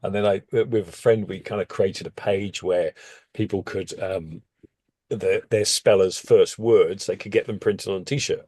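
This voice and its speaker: A man recounting a story in relaxed conversation, his fairly low voice leaping up whenever he gets excited. The sound is close and dry, with no room around it. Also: measured pace, no room sound. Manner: animated, with sudden jumps in pitch. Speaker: interview guest.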